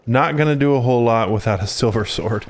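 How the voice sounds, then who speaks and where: A man's voice: quick pace, crowd noise. A man casually commenting on a game he is playing with a friend, joking around. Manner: joking, mimics characters in high voices. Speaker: let's play host.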